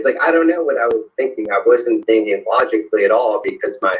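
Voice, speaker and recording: A man's voice: medium pitch, expressive, fast, few pauses. A man, a podcast guest, telling a personal story in a conversational way, hesitant, with many fillers and restarts. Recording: dull lo-fi sound.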